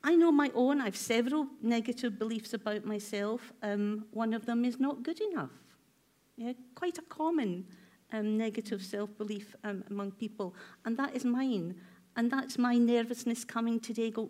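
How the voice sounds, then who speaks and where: A woman's voice: a little high, normal speed, mellow. A woman therapist giving a workshop talk, asking her audience many reflective questions in a conversational way with filler ums.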